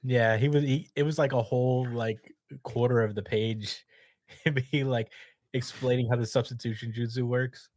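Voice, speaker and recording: A man's voice: medium pitch, steady tone, normal speed, a little mellow, no room sound, studio quality. A man hosting a podcast in casual chat, retelling scenes with easy laughs. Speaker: podcast host.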